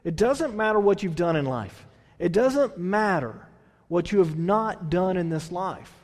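A man's high, slightly mellow voice, unhurried and lively in intonation, echoing as if in a big room. He's a pastor giving a conversational sermon: he reads scripture, then explains it, restarting and repeating words and putting questions to the congregation.

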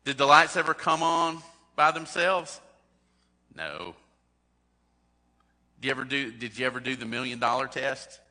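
A man's voice: medium pitch, measured pace, pauses often, sharp tone. A man preaching a sermon as a pastor, talking in a conversational way and putting direct questions to his congregation. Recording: long hall reverb.

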